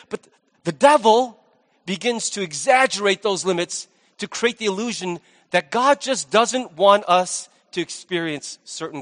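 A male pastor delivers a sermon in a loose, conversational way, dropping jokey asides between points. His voice sits fairly high for a man. A long reverb from a large church hall hangs behind him. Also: a bit bright.

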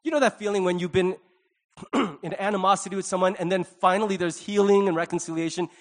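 High-voiced man preaching a sermon. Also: fairly quick. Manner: conversational preaching with acted-out quotes. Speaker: pastor.

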